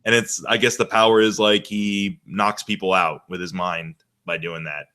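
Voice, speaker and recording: A man's voice: low voice, steady tone, normal speed, bright, forceful tone. A man hosting a casual movie chat, laughing often and talking enthusiastically with lots of "like". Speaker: podcast host.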